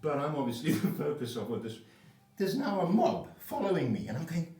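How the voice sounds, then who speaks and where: An older South African man, his voice on the high side and brisk, tells a rambling, profane personal story in a casual, animated way. The recording has a roomy echo, with the mic placed at a distance.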